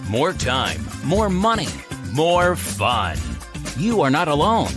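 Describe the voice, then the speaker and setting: Slow, punchy male intro announcer over music. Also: a little high, wildly swooping pitch. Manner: slow, punchy slogan delivery. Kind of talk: scripted promo intro.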